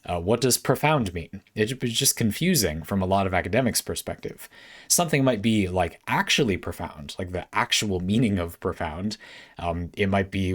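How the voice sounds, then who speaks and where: A man's voice: low-pitched, lively intonation, moderate pace. A man talking casually to camera at home, answering a viewer's question and thinking aloud with fillers, restarts and short laughs. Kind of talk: casual spoken essay to camera.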